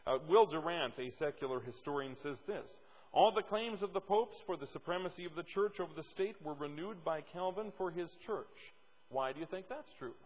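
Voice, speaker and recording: A man's voice: on the high side, long reverb tail, muffled recording. A male pastor preaching a sermon emphatically, repeating words for stress, at a church pulpit mic.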